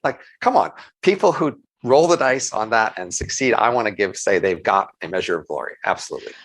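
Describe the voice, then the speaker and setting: A man's voice: on the low side, expressive, a little fast, a bit bright, rough recording. A middle-aged man, an economist co-hosting a podcast, talking through ideas in a thoughtful, hedging way and restarting his words often. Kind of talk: casual intellectual conversation.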